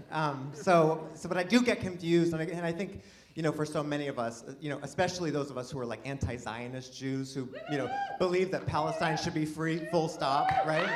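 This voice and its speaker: A man's voice: fairly high pitch, heavy background noise. A man doing a stand-up comedy set, rambling and self-deprecating with many restarts. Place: live comedy venue with audience laughter. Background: audience laughter.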